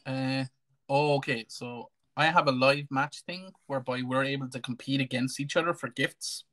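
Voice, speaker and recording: A man's voice: mid-range voice, fairly even intonation, normal speed, a bit bright. An Irish man hosting a casual live stream chat, joking and bantering with lots of fillers and restarts. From Ireland.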